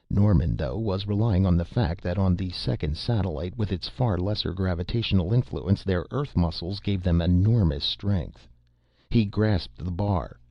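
A man narrating an audiobook in a steady, measured storytelling manner. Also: deep voice, no room sound. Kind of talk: audiobook narration of pulp science fiction. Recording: dull lo-fi dry recording.

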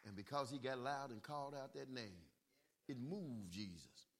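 Man, preacher, sermon, call-and-response, wide swooping pitch, gravelly. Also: lively intonation, normal speed, slight background noise. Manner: call-and-response, bursts from quiet talk into shouting.

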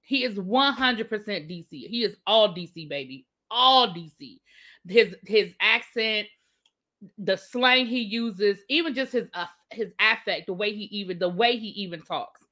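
A woman with a Washington DC accent, chatting casually on a livestream and answering her viewers' comments with drawn-out asides. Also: mid-range voice, expressive, pushed and bright. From Washington DC area. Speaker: livestream host.

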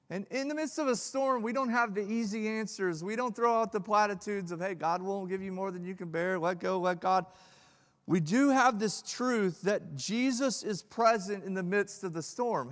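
A male pastor preaching a sermon, swinging from loud emphatic peaks to hushed, low lines. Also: gravelly. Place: church hall. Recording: long hall reverb.

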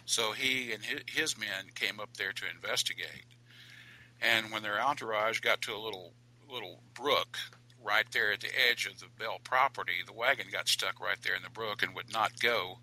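A man tells a ghost story as a podcast guest, animated and dramatic. His voice is low and forceful, with a tense edge. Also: poor audio. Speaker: author and guest.

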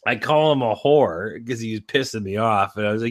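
A man's voice: fairly low pitch, brisk. A man co-hosting a casual podcast, telling a childhood story with lots of laughter. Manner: animated storyteller, laughs through tales. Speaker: podcast co-host. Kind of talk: casual chat.

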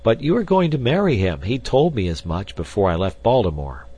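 A man reading the part of a devoted young nobleman, soft-spoken and pleading. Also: on the low side, very animated, a little fast, slightly rough, voice pushed up.

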